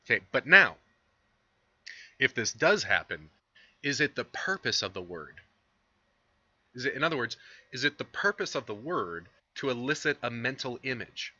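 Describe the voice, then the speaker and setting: A man's voice: mid-range voice, big pitch swings, normal speed, sharp tone, breathy edge, dry recording, lo-fi sound. A man giving a casual recorded lecture on philosophy, explaining with fillers and conversational asides. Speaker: philosophy instructor.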